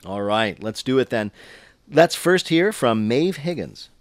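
A man's voice: mid-range voice, animated, no room sound. Guy hosting a funny radio quiz, playful, dry studio sound. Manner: brisk, playful, joking with callers. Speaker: quiz show host.

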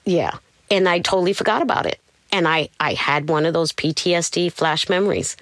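A woman's voice: lowish voice, a little fast, dry recording. A woman being interviewed, telling her life story candidly and with animation. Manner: candid, animated, tells her story acting out what others said. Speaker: interview guest. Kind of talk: personal storytelling.

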